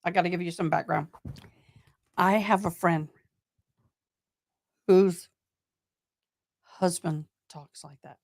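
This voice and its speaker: A woman's voice: lowish voice, steady tone, slow pace, gravelly, pauses often, no echo, studio quality. A woman with a Tennessee accent hosting a livestream, chatting casually and thanking viewers by name between trial updates. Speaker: livestream host commenting on a trial. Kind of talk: casual live commentary.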